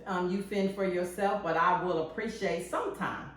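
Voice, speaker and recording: A woman's voice: on the low side, normal speed, fairly bright tone. A woman co-hosting a casual ministry talk show, chatty, laughing often and chiming in over her partner. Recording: echoey room, voice from far off, faint noise.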